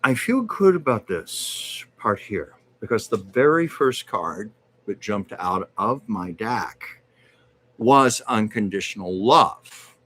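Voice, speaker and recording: A man hosting a casual live stream and giving card readings, talking in a measured, reassuring way with frequent hesitations. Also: fairly low pitch, sing-song, a bit bright, slightly rough.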